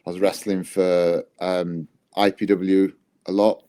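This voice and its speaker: A man's voice: sits low, little pitch movement, takes it slowly, warm tone. A man, a wrestler, chatting casually in an interview and telling rambling, self-deprecating stories. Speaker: guest, wrestler.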